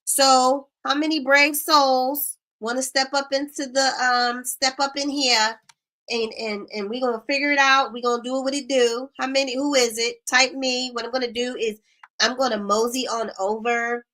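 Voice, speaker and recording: High, bright-voiced woman coach. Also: moderate pace. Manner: animated, laughs often, uses casual slang. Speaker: coach hosting a live group call. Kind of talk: lively casual coaching talk.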